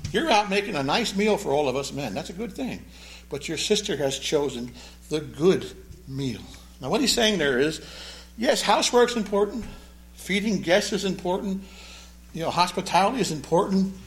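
Animated, joking male preacher. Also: sits high, normal speed. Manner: animated, joking storyteller who explains the Greek. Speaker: pastor. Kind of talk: sermon.

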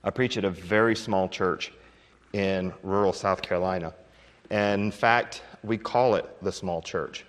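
A man preaching a sermon as a pastor, telling folksy stories with chuckles and emphatic swings in loudness. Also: deep voice, a little slow, in a large hall.

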